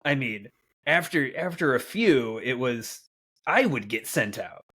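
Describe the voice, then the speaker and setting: A man co-hosting a podcast in relaxed casual chat, laughing often. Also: mid-range voice, unhurried, husky. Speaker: podcast co-host.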